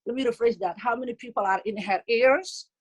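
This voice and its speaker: A middle-aged woman with a Somali accent, whose first language is Somali, tells comic stories about her family. Her voice sits fairly high, and she talks in a lively, teasing way with frequent exclamations. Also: fairly quick, husky. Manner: animated, teasing, exclaims often. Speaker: comedic speaker at a community event. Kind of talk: comic storytelling.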